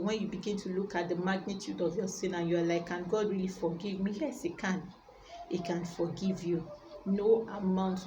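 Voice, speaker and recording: A woman's voice: mid-range voice, noisy background. A woman preacher giving a sermon, retelling a Bible story and urging her listeners with emphatic repetition.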